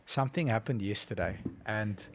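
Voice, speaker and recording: A podcast co-host with a lowish voice talks at a moderate pace in casual chat. His storytelling is animated, and he plays out his phone calls as he tells them.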